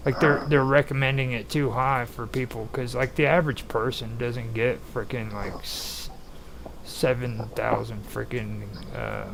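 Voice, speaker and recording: A man's voice: medium pitch, fairly even intonation, a little slow, gravelly, background noise. A man hosting a live stream in casual tech chat, rambling loosely with lots of filler words. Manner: loose, rambling, heavy use of "frickin'" and "like".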